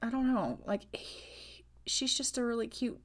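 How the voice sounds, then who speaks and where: A woman talks through her life-sim game in a bubbly, gushing manner, cooing over every cute moment. Her voice sits a touch high. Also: big pitch swings, brisk. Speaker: gaming channel host. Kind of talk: let's play commentary.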